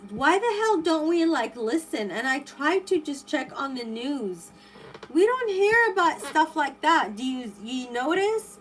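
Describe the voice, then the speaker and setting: A woman's voice: high voice, big pitch swings, measured pace, fairly bright tone, slight background noise, rough recording. A woman running a live tarot stream, chatting with viewers and reacting with lots of exclamations and rambling restarts. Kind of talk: live stream chat reading viewer comments.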